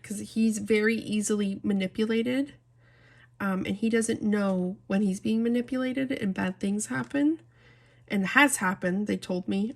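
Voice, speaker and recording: A woman's voice: mid-range voice, gravelly. A young adult woman talking casually and from the heart to her viewers while she colors, rambling from one story to the next. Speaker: coloring channel host.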